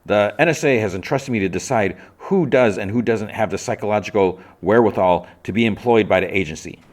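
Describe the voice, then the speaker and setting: A prim, pompous psychologist, as a man puts him on in a podcast recap. He speaks in a stiff, formal way, a little above the performer's deep voice. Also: a little fast, a little mellow, lightly acted.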